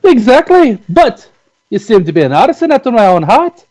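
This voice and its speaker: A man's voice: very high voice, big pitch swings, fairly quick, darkish tone, low-quality recording. A man voicing an awkward, chatty male dwarf tinkerer in a folksy drawl, stumbling over fillers and restarts. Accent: put-on folksy drawl. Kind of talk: in-character tabletop role-play.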